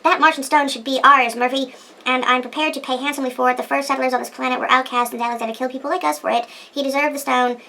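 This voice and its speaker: A woman's voice: high-pitched, fairly even intonation, fast talker, gravelly, sharp tone, heavily acted. A woman voicing a militant Martian settler who makes threats, reading game dialogue. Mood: threatening.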